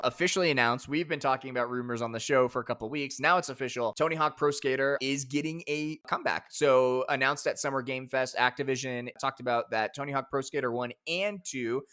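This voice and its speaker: A man co-hosting a podcast in casual chat, enthusiastic and excitable. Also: medium pitch, fairly quick, few pauses. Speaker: podcast co-host.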